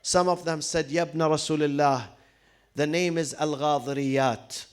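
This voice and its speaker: Male preacher, high voice, smooth resonant tone, dramatic mourning sermon, lamenting cries. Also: fairly even intonation, measured pace. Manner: dramatic storytelling that builds to loud lamenting cries; mixes English with recited Arabic.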